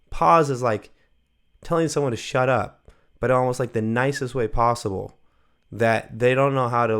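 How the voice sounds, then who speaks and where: A man giving a casual employee training talk on coaching gymnastics, animated and acting out the lines he quotes. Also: mid-range voice, gravelly.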